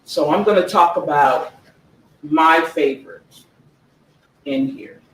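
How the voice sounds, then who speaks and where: A woman's voice: sits low, sing-song. Earnest woman author in an echoey room. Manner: earnest, slow emphatic reading, frequent "okay?" check-ins. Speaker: author presenting her own book. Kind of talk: book talk with read-aloud passages. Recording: echoey room, distant mic, faint background noise.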